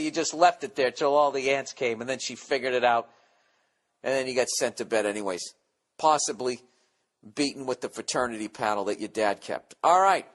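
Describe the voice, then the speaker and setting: Profane ranting man in his forties. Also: fairly high pitch. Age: 40s. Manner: profane, rambling, sarcastic ranting. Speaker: podcast host. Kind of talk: casual comedic monologue.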